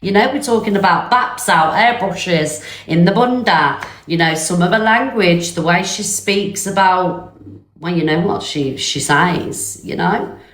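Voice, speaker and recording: Low-voiced woman gossiping on a live stream. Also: a little slow, a bit bright. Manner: chatty, gossipy, drops to a whisper for secrets. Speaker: live streamer reacting to clips. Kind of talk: casual live-stream chat. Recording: roomy echo.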